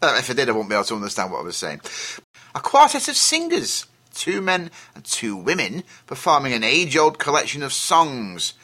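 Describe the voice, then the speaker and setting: A man's voice: medium pitch, sing-song, brisk, hardly any pauses, bright, forceful tone. A man presenting a folk music radio show, joking and rambling between tracks. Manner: jokey, rambling asides.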